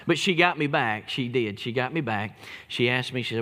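A man's voice: medium pitch, moderate pace, bright, forceful tone, big-room sound. A man preaching a sermon as pastor, telling folksy jokes and stories with emphatic delivery. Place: church.

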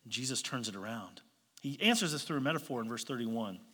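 A man's voice: mid-range voice, expressive, fast, sharp tone. A male pastor preaching a sermon in a church, conversational, with pointed rhetorical questions and light joking asides. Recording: long reverb of a large hall.

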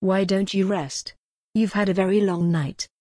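A woman voicing a calm young man who speaks in a soothing, reassuring way in an audiobook. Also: medium pitch, measured pace, dry recording, clean studio sound, natural voice.

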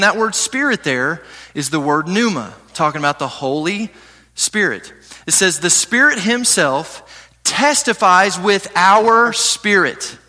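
Bright high-voiced man preaching. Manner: animated preaching, reads scripture slowly, asks the audience questions. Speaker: pastor. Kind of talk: sermon.

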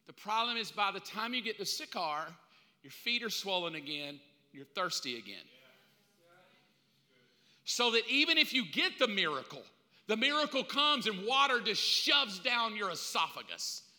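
A man preaching a sermon in an animated way, swinging between loud and hushed delivery. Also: sits high, unhurried. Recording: long hall reverb.

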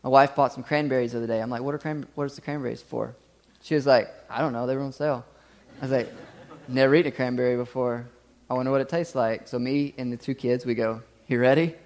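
A man in his thirties preaching a sermon, telling stories and acting out quoted voices, with lively asides to the congregation. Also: medium pitch, fast talker. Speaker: pastor. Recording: long reverb of a hall.

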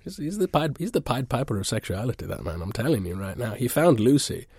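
Low husky guy deadpan telling a ridiculous story dead serious, close dry mic. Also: quick pace, dry recording. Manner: earnest, swings from hushed to booming. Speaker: improv comedy performer.

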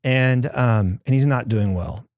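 A man's voice: mid-range voice, measured pace, darkish tone, no echo, clean studio sound. A man who is a pastor, talking in a podcast conversation with earnest, heartfelt storytelling.

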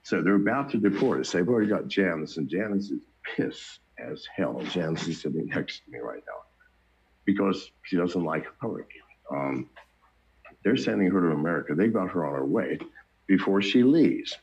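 A man's voice: sits low, lively intonation, normal speed, darkish tone, breathy edge. An older man telling his story in casual, blunt, profane talk, chuckling between anecdotes. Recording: dull lo-fi recording.

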